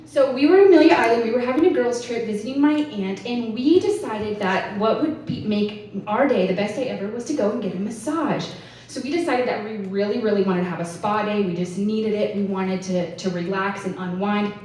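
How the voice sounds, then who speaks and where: A woman's voice: medium pitch, brisk, darkish tone. A woman, telling a story as a conference speaker in a chatty way, with lots of "like". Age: 30s. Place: conference hall. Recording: echoey hall, voice from far off, faint hiss.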